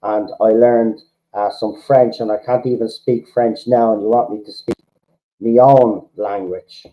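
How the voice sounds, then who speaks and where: A man's voice: lowish voice, steady tone, a little slow, narrow, tinny audio. An Irish man from the Republic of Ireland hosting a fan livestream, ranting heatedly and swearing, often repeating himself. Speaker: fan channel host. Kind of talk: livestream rant to chat.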